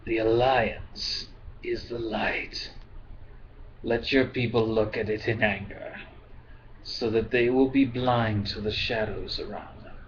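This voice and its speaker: A man reading aloud, voicing a cold, patient, skeletal alien manipulator in a quiet, slow, measured voice. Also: on the low side, steady tone, muffled recording, slight background noise. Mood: calm.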